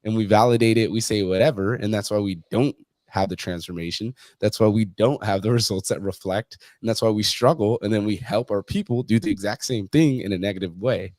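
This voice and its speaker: A low-voiced man speaks bluntly and swears often, telling stories from his coaching and acting out what people said. The sound is close and dry, with no room around it. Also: brisk, darkish tone, dry recording. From Mexican heritage. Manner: blunt, profane, storytelling with quoted asides. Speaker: fitness coach, guest. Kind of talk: casual interview chat.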